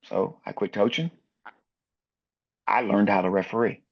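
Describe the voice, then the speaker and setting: A man's voice: lowish voice, fairly even intonation, unhurried, gravelly, dull audio. A man in his sixties, a basketball referee, telling anecdotes in a podcast interview and acting out other people's lines.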